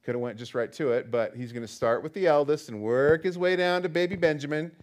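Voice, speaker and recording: A man teaching a Bible study in a relaxed, conversational way, reading scripture aloud and then explaining it with chatty asides. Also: a little high, brisk.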